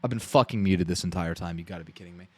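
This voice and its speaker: A man's voice: low-pitched, rapid-fire, no room sound. Profane, rambling male streamer. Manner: blunt, profane, rambling rant with frequent restarts. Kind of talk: live stream reaction commentary.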